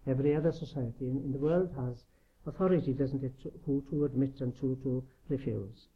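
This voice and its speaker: A man's voice: mid-range voice, brisk. A man preaching a sermon in an earnest, emphatic way, often asking rhetorical questions. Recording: dull lo-fi recording.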